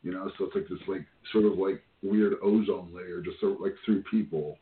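A man co-hosting a podcast, musing in a halting way full of fillers in casual chat. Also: low-pitched, steady tone. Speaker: podcast co-host. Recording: echoey room over a tinny line.

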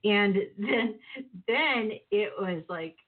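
A woman telling a lively personal story with laughter, acting out voices as she goes. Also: medium pitch, extremely slow. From northern Minnesota. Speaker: guest. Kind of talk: animated storytelling. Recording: phone-like narrow sound.

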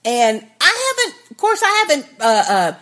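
A woman's voice: high voice, very animated, a bit bright. A woman co-hosting a casual fan podcast, chiming in and laughing along with her co-host. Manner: slow, drawling, quick to laugh along. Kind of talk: casual chat.

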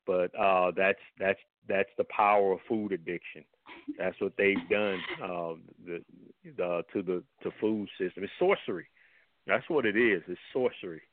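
A man's voice: sits low, fairly even intonation, measured pace. A man speaking as a health guest on a radio talk show, blunt and heated in his manner. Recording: tinny phone line, dry.

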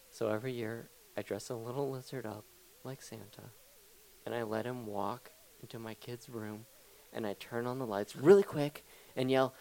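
A man's voice: medium pitch, moderate pace, vocal fry, dark tone. A young man hosting a comedy talk show, ranting in a rambling, profane, mock-serious way. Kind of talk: improvised comedy rant.

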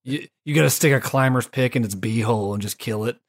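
A man hosting a casual gaming podcast, laid-back and quick to swear, tossing in slang like "dude" and "son". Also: mid-range voice. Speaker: podcast host. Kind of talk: casual chat.

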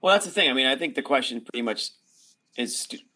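A man on a sports podcast panel, talking in a halting, joking way. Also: mid-range voice, expressive, pushed and bright.

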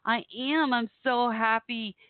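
An internet radio host talks fondly and chattily with her listeners, addressing them directly, though the flu has left her voice weak. Her voice is on the high side, with a steady tone and a slow pace. The audio is dry and tinny, like a phone line.

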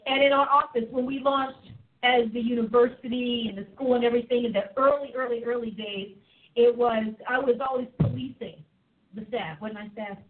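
Brief: exuberant woman show host, high voice, phone-thin sound. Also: steady tone, moderate pace, narrow, tinny audio. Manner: exuberant, preachy, laughing. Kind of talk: lively live show chat.

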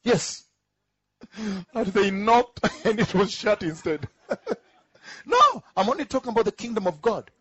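Husky, lively emphatic male preacher. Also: high-pitched, no room sound, highs cut off. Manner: emphatic, repeats key phrases slowly, rhetorical questions; chuckles between points. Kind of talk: teaching sermon.

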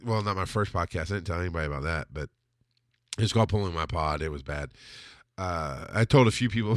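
A man's voice: mid-range voice, a bit bright, no room sound, clean studio sound. A middle-aged man hosting a podcast, telling stories in a rambling, self-correcting way. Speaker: podcast host. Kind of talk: casual solo storytelling.

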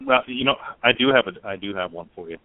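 A man's voice: medium pitch, wildly swooping pitch, fast talker, no echo. A man co-hosting a motorcycle radio show, telling jokes in a loose, casual way with frequent restarts. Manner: joking, stumbling restarts. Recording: phone-like narrow band, dry.

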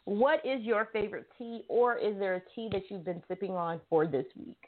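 A woman's voice: medium pitch, steady tone, moderate pace, narrow, tinny audio, a little hiss or hum. A woman from South Carolina with a Southern US accent, hosting a talk show in a chatty, teasing way and talking straight to her listeners. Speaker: show host. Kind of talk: casual talk show chat.

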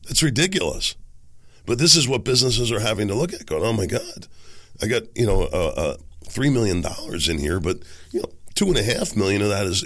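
A man with a very low voice hosts a solo commentary podcast while hoarse from a cold. His speech is raspy and gravelly, and he presses his points with emphasis. The sound is dry and close. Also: fairly bright tone, dry recording. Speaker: podcast host.

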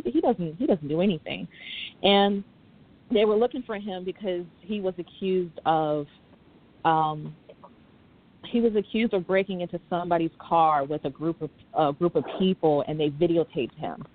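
A young woman calling in to a talk show, speaking haltingly and fighting back tears. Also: lowish voice. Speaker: caller. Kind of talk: emotional call-in. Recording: tinny phone line.

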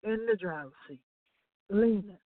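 A woman telling a lively testimony on a gospel talk show, quoting people as she goes. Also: medium pitch, a little slow, dry recording. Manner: animated storytelling with laughs and acted-out quotes. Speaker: gospel radio co-host. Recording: dry, tinny phone-line sound.

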